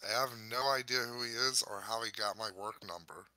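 A man's voice: medium pitch, fairly quick, sharp tone, dry recording, rough recording. A man co-hosting a casual podcast, joking, crude and blunt. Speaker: podcast co-host.

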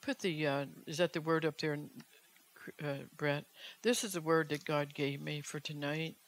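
A woman's voice: low-pitched, steady tone, normal speed. A woman evangelist preaching a fervent sermon, urgent in tone and pressing the listeners with rhetorical questions.

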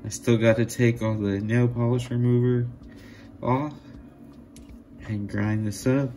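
A man making jewelry, talking casually to his viewers in a vlog, excited and marvelling, laughing often as he shows pieces. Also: medium pitch, a little slow, slight background noise. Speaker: jewelry maker.

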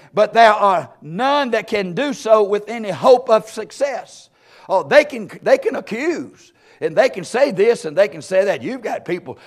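A male pastor preaching a sermon emphatically, building with rhetorical questions and sudden bursts of volume. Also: high voice.

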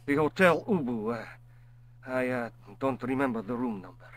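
A man's voice: medium pitch, lively intonation, moderate pace, natural voice. Man voicing a jumpy game tailor, wary, clipped, mid voice. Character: nervous evasive male tailor.

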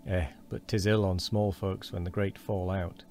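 Wheezy old man, fearful and gossipy, deep and dark, read by a man; faint hiss. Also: little pitch movement, moderate pace. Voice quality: wheezy, quavering.

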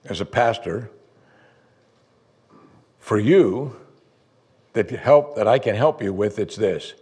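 A man preaching a sermon as pastor, conversational, voicing his listeners' doubts in a higher voice. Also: a little mellow, husky. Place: church sanctuary.

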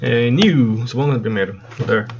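A man's voice: mid-range voice, brisk, a little mellow, dull audio. A man whose first language is Spanish, giving casual, mumbled commentary while playing a video game and reading its text aloud. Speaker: let's play gamer.

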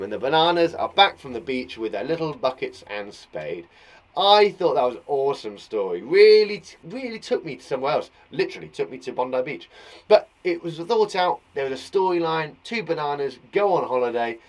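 A man's voice: mid-range voice, a little fast. Bubbly English man teaching young kids. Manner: bubbly and animated, reading out kids' work. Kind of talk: lively children's lesson.

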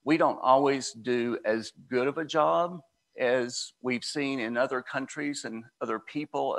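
A man's voice: mid-range voice, vocal fry, a bit bright. A man from the United States giving a conversational inspirational talk at a spiritual center, slipping into storytelling. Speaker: spiritual speaker.

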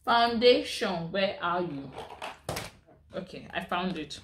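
A woman's voice: fairly low pitch, expressive, takes it slowly, noisy background. A woman from Nigeria chatting casually in a vlog, explaining slang while she does her makeup. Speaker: vlogger.

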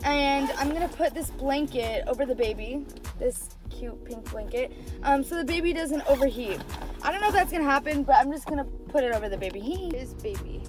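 A woman's voice: high-pitched, animated, fairly quick, over music. A teenage girl vlogging from her car into a phone camera. She rambles in a casual, chatty way with lots of "like.". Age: teens. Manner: chatty, rambling, full of filler "like". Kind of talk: casual vlog chat. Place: inside a car.

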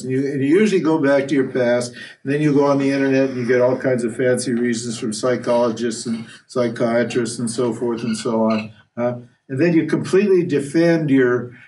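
A man's voice: mid-range voice, a little mellow, distant mic, slight background noise. A man giving a spiritual lecture as a Vedanta teacher, blunt and earthy, firing rhetorical questions and restarting his sentences.

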